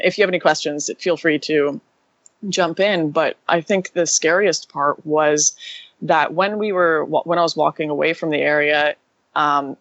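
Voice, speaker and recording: A woman guest in an interview recounting her experience quickly and animatedly, full of "like" fillers. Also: low-pitched, a bit bright, no echo, dull audio. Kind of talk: casual interview storytelling.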